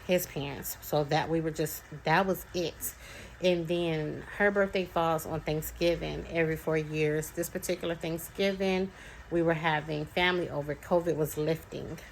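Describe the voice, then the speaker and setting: In a deep, creaky voice, a young mother recounts her experience in a casual, talkative way, with plenty of fillers and restarts. The recording is rough, with a faint hiss or hum.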